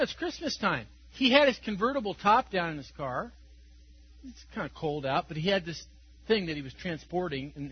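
Male preacher, high-pitched, slightly husky, chatty and chuckling, dull lo-fi sound. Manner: conversational, tells stories with chuckles. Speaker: pastor. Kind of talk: sermon.

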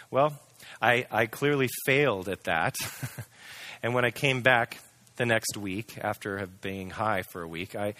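Candid man sharing his testimony, bright forceful tone, dry close sound. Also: on the low side, dry recording. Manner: candid, earnest storytelling. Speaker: testimony speaker. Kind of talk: personal testimony.

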